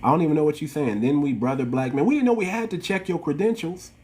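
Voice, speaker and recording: A man's voice: on the high side, fast, darkish tone, a little hiss or hum. Ranting man with African American English. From United States. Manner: preachy, repetitive, addresses viewers as family. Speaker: channel host. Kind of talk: ranting livestream monologue.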